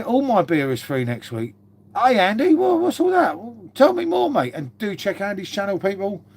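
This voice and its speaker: Chatty British man on a live stream. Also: fairly high pitch. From Britain. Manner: chatty and matey, swears a lot, says "mate" constantly. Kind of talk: casual live-stream chat reading viewer comments.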